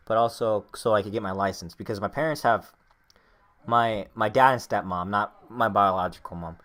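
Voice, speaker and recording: A man's voice: fairly low pitch, fairly bright tone. A young man co-hosting a casual podcast, rambling and swearing with plenty of filler words, and he has the hiccups. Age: young adult. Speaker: podcast co-host. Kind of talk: casual chat.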